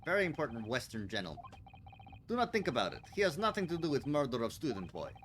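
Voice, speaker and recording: A man voicing a hostile, gruff male sailor in a game, with a put-on Russian accent and broken English. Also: medium pitch, wildly swooping pitch, quick pace, fairly bright tone, slight background noise. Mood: dismissive. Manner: broken English, barking accusations. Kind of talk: voicing game characters on a livestream.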